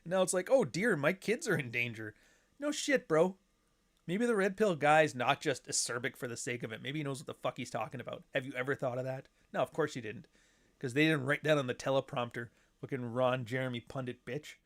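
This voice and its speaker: A man hosts a casual podcast and rants about whatever is on his mind. He is sarcastic and profane, and he talks at an everyday middle pitch. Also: brisk, a bit bright. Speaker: podcast host. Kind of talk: casual livestream rant.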